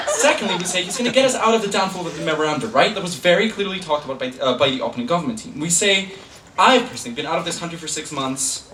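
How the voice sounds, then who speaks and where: Fast, lively young man debating. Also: on the high side. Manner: fast, animated and sarcastic, drawing laughs. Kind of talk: competitive debate speech. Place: lecture hall. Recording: echoey hall, distant mic, faint room noise.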